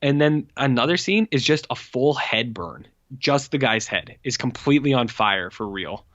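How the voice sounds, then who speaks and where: A man casually retells a horror movie's plot, stuffing his sentences with fillers and jumping into quick impressions of the characters. His voice sits at a middling pitch. The recording is dry and a bit dull, like a home podcast mic. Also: animated, a bit bright, no room sound. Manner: rambling, heavy "like" fillers, acts out characters' lines. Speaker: podcast co-host.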